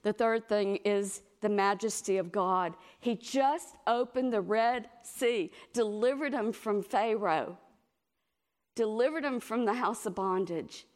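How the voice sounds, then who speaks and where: A middle-aged woman preaching a sermon, telling stories in a lively way and acting out the voices of the people she quotes. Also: medium pitch, takes it slowly. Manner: animated storytelling, acts out quoted voices.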